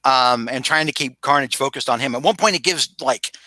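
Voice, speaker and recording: A man's voice: medium pitch, a little fast, bright, forceful tone, dry recording. A man co-hosting a casual podcast, rambling and restarting as he recaps a story and acts out bits of dialogue. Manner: rambling, many restarts and acted-out quotes. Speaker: podcast co-host.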